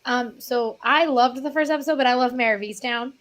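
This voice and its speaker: A woman's voice: high voice, a little fast, a bit bright. A woman from Pennsylvania with a Pennsylvania accent, a guest critic chatting enthusiastically and laughing mid-sentence. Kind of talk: casual chat.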